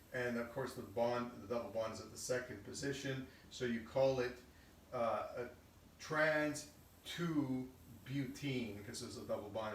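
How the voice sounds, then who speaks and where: A man's voice: mid-range voice, distant mic, slight background noise. Man teaching chemistry in an echoey room. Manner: explains step by step, often adding "okay?" and restarting phrases. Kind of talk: casual recorded lesson.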